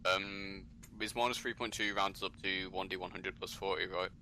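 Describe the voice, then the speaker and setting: A man with a low, bright, forceful voice plays a tabletop game. He trades quick in-character retorts and asks about the rules. There is a faint hiss on the voice chat. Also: fairly even intonation, rough recording. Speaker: player. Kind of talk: casual tabletop play over voice chat.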